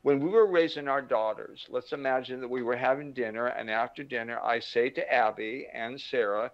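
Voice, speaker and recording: An older man teaches with lively anecdotes and acts out the voices of people in his stories. His voice sits mid-range with a gravelly fry. The audio is dull and lo-fi. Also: medium pitch, moderate pace, hardly any pauses. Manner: animated storyteller, acts out quotes. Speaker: motivational speaker. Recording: dull lo-fi recording.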